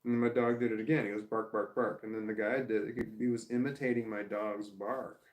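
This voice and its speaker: A man's voice: fairly low pitch, fairly even intonation, quick pace, a little mellow, reverberant. A man talking to his camera in a casual vlog monologue, rambling and repeating himself, swearing when annoyed. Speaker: vlogger. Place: at home.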